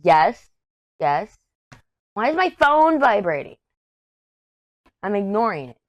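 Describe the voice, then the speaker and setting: A woman's voice: medium pitch, very animated, slow pace, dull audio. A woman from Texas, chatting casually in a rambling, storytelling way while she works on a craft for her vlog. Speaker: craft vlogger. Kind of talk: casual chat while diamond painting.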